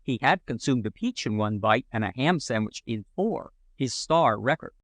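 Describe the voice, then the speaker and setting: A man's voice: medium pitch, expressive, moderate pace, a bit bright, no room sound, clean studio sound. A man reading a humorous children's adventure book aloud in a playful, mock-heroic storytelling manner. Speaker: audiobook narrator. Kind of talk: scripted narration.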